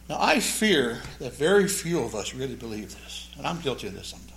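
A male pastor preaches in a lively, swooping voice that sits a little higher than most men's. He tells the story with jokes and playful asides. He breaks from the narrative to explain the Greek wording. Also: fast talker, creaky, few pauses. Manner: animated, joking storyteller who explains the Greek. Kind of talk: sermon.

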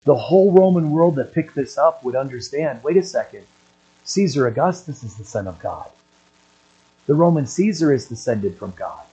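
An older man delivers a sermon in a husky, slightly rough voice at an ordinary pitch. He clears his throat between points and swings from low, quiet asides up to loud, emphatic stretches. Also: lively intonation, normal speed, poor audio. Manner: clears his throat often, builds to emphatic raised passages. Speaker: pastor.

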